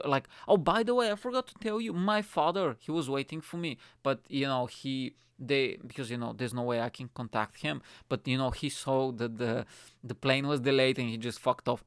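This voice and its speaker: A young man from Bulgaria tells a long, rambling misadventure, swearing freely and leaning on "mate" and "you know what I mean." His voice is smooth and resonant, at a middling pitch for a man. The sound is close and dry, with no room around it. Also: no echo. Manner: profane, rambling, animated retelling with lots of 'mate'. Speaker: show host. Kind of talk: comedic storytelling monologue.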